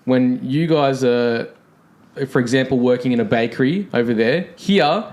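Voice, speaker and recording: A man's voice: medium pitch, moderate pace, darkish tone. An Australian man chatting casually as a podcast guest, laid-back and joking, with the odd swear word.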